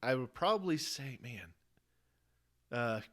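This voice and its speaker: A man's voice: medium pitch, big pitch swings, slow, fairly bright tone. A man guesting on a podcast, chatting casually in an easygoing, jokey way. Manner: easygoing, jokey, loses track of names. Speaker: guest, host's twin brother. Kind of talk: casual chat.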